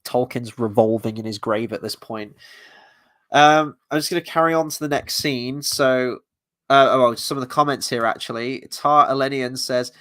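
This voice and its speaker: A man's voice: mid-range voice, normal speed, a bit bright. Male host, casual review chat, blunt, reads viewer comments.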